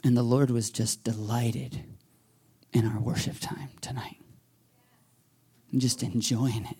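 A male pastor delivers a sermon with a gravelly, slightly husky voice. His tone is dark and mellow, and he slips into quoted voices and hushed asides as he tells the story. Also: mid-range voice, slow, long pauses. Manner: animated storytelling, acting out quoted voices, dropping to a whisper at times. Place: church sanctuary.

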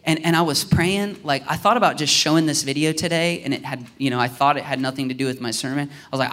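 A male pastor preaching a sermon in an animated way, acting out voices and rising to near-shouts. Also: fairly high pitch, quick pace, hardly any pauses.

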